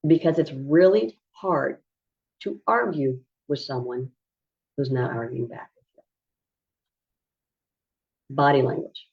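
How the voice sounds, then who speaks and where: A woman who coaches parents on autism, explaining behavior strategies in a calm, measured teaching style. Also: a bass voice, creaky, husky. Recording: dull lo-fi recording.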